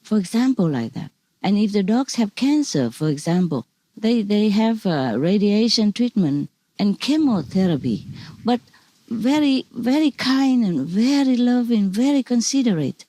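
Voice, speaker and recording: A woman's voice: medium pitch, very animated, dark tone, dry recording. A woman spiritual teacher speaking casually over a video call, telling stories in broken, repetitive phrasing with frequent laughs. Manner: broken, halting non-native phrasing.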